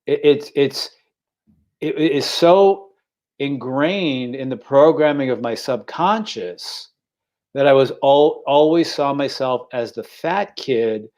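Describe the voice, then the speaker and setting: A man in his sixties, originally from Staten Island, telling a personal story on a podcast over a video call, halting and repeating words with feeling. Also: medium pitch, a little mellow. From Staten Island, New York. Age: 60s. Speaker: podcast co-host.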